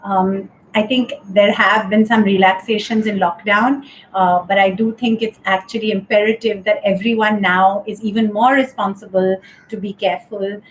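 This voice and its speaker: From home during lockdown, a woman hosts a casual live-stream talk show, chatting with lots of fillers like "you know" and "um." Her medium-pitched voice shows little pitch movement at a normal speed, and the rough recording carries slight background noise.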